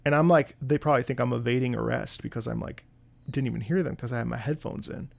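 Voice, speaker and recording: A man's voice: medium pitch, fast talker, creaky. A man who streams and sings opera, telling a rambling story in casual chat with his audience, with lots of swearing and filler words.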